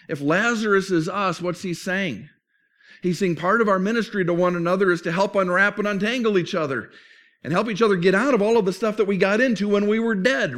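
A man preaching a sermon as pastor, earnest and conversational, often restarting phrases. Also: high voice.

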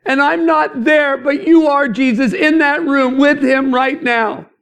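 A man's voice: very high-pitched, pitched above the performer's own voice, full character voice. A man acting out his wife as she prays fervently for him, pleading and emphatic. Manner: pleading, emphatic, near shouting.

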